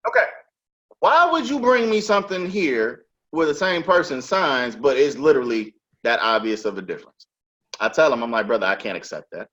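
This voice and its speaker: A man's voice: fairly high pitch, animated, moderate pace, a bit bright. A man hosting a podcast, telling a work story in casual, emphatic and profane chat. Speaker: podcast host. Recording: dull lo-fi sound.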